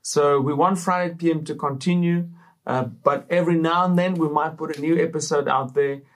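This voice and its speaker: A man's voice: a little high, fairly even intonation, normal speed. A man hosting a Christian talk show, speaking to viewers in an upbeat, preacherly way with frequent fillers. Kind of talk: casual faith talk to camera.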